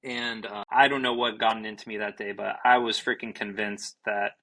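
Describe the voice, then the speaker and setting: A young man, a baseball pitcher and podcast guest, telling a story in an animated, casual way, swearing freely and restarting his sentences. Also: moderate pace, low-quality recording. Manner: animated, self-described fiery, swears freely, many restarts.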